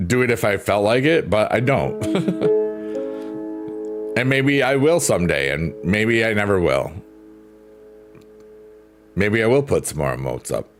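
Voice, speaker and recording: A man streaming live, chatting casually and playfully with his viewers, rambling and laughing often. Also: fairly low pitch. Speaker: livestreamer. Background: soft piano.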